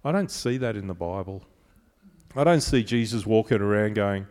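A man's voice: lowish voice, normal speed, darkish tone. Preaching man in a reverberant hall. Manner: emphatic, repetitive preaching cadence. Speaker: pastor. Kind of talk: sermon.

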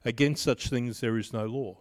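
A pastor in his fifties preaching a sermon in a measured way, mixing scripture with personal stories. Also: medium pitch, fairly even intonation. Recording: long reverb of a large hall.

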